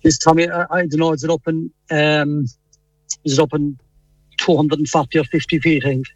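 A man's voice: a little high, level tone, brisk, dry recording. A middle-aged man from Cork with a strong Cork accent, a hesitant, friendly radio guest calling in, full of restarts and fillers. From Cork, Ireland. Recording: dull phone-line sound.

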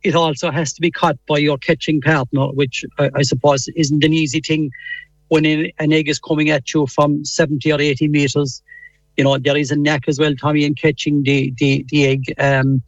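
A man's voice: fairly high pitch, flat delivery, normal speed, dry recording. A middle-aged man from Cork with a strong Cork accent, a hesitant, friendly radio guest calling in, full of restarts and fillers. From Cork, Ireland. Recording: dull phone-line sound.

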